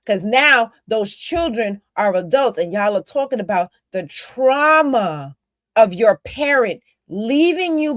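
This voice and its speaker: Here the woman's pitch sits fairly high, and the studio recording is clean and echo-free. As a podcast co-host, she delivers casual but emphatic commentary that scolds her critics directly.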